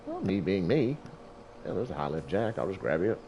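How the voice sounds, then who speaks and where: A man's voice: deep voice, very animated, normal speed, dark tone, a little hiss or hum. A middle-aged man who hosts a gaming channel, telling a rambling story about himself over gameplay, folksy and chuckling often.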